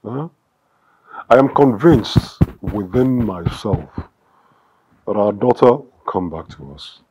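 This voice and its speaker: An actor with a Nigerian accent playing a husband who calms his crying wife with soft, pleading reassurance. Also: fairly low pitch, slow pace, noisy background. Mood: soothing. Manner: soothing, pleading, murmured reassurance.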